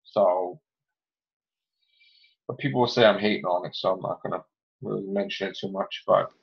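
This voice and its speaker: A man's voice: low-pitched, normal speed, gravelly. A man hosting a casual movie chat, rambling through critical opinions with many fillers. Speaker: podcast host. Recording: dull lo-fi recording.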